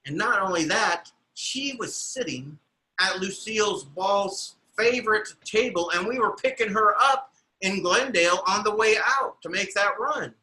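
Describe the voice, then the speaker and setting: Man as ambitious young conductor, earnest, bright tense tone, told live. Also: high-pitched, animated, unhurried, pitched above the performer's own voice, full character voice, poor audio. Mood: proud. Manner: earnest first-person telling. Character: proud meticulous young male train conductor. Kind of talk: storytelling performance.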